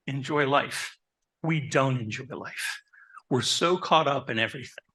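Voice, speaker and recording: A man who works as a therapist, giving a lively talk to an audience, asking them questions and telling stories about his own life. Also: medium pitch, unhurried, slightly rough. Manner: animated, asks the audience questions; personal anecdotes, conversational. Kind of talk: live presentation to an audience.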